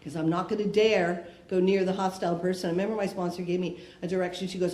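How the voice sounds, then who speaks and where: A Canadian woman moves quickly through her recovery-meeting share with few pauses, her voice on the low side, steady and warm. She's candid and conversational, asking rhetorical questions, and the room echoes with faint noise.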